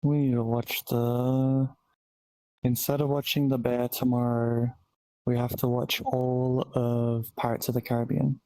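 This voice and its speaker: A woman guest on a live stream, chatting with deadpan jokes. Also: very deep voice, a little slow, rough recording. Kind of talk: casual live-stream chat.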